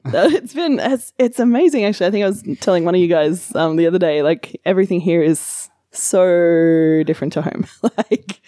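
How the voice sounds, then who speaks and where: A woman's voice: on the low side, normal speed, mellow, dry recording, studio quality. A woman from Australia, a guest chatting on a podcast and giggling often. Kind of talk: casual chat.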